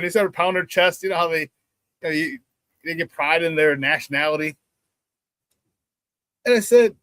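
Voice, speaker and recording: A middle-aged man hosts a sports talk show with a lively storyteller's delivery. His voice sits high for a man and is recorded close and dry in a studio. He leans hard into emphasis when he acts out old conversations. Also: brisk, no room sound. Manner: animated storyteller, acts out quoted banter loudly, laughs often.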